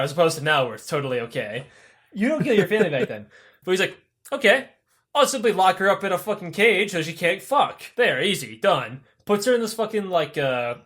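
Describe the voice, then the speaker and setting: A young man hosting a podcast, retelling myths in a profane, animated, comedic way and laughing often. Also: on the high side. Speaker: podcast host. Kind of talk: comedic casual storytelling.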